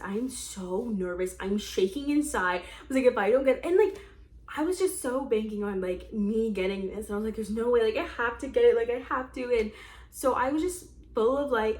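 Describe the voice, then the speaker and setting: A young woman in her twenties telling a story in a chatty, dramatic way, full of fillers, as the host of her own vlog. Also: on the high side. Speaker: escape room vlogger. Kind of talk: casual storytelling monologue. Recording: echoey room.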